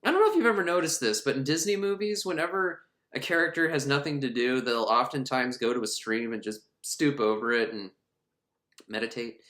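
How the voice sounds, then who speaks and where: A man giving a casual, irreverent recap of an animated film, rambling and laughing as he goes. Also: mid-range voice, a little fast. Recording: roomy echo.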